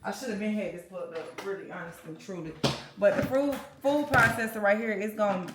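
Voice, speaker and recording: A young woman chatting casually to camera for her vlog, her voice sitting at an ordinary middle pitch. She talks in a loose, informal way, as if to friends. Car and road noise runs clearly underneath. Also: a little fast. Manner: chatty, loose and informal, addresses viewers as cousins. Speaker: vlogger.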